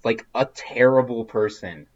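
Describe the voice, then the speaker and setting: A man in casual podcast chat, halting and emphatic, with frequent restarts. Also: medium pitch, darkish tone, highs cut off.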